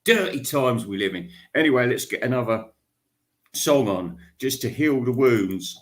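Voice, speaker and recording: A man's voice: mid-range voice, animated, moderate pace. A man hosting a radio show, rambling crudely through a comic monologue full of restarts and asides.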